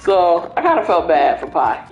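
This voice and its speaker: A woman's voice: fairly low pitch, sing-song, moderate pace, darkish tone, muffled recording. A young woman chatting casually as a livestreamer, rambling through stories with lots of fillers. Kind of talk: casual chat. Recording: roomy echo with faint music.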